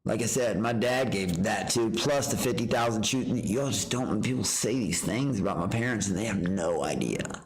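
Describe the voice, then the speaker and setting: Brash low-voiced male streamer. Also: moderate pace, low-quality recording. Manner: boastful, profane trash talk; rambling with restarts. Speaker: livestreamer. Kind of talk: rambling livestream rant.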